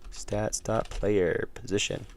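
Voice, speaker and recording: A man's voice: fairly low pitch, steady tone, takes it slowly, slight background noise. A man streaming his game development, talking through his code as he works and chatting with viewers. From United States. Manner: thinks aloud, mumbles while working, chats with viewers. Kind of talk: casual live-stream commentary while coding.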